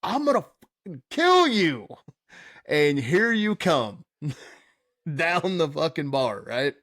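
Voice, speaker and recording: A man's voice: on the high side, dry recording. Profane, laughing storyteller man, dry sound. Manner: rambling, profane, laughs through his story. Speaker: podcast host. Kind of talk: casual storytelling chat.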